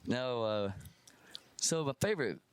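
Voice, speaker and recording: A man being interviewed at a music festival, telling a story in a lively, self-deprecating, animated way. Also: medium pitch, measured pace, smooth. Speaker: musician guest.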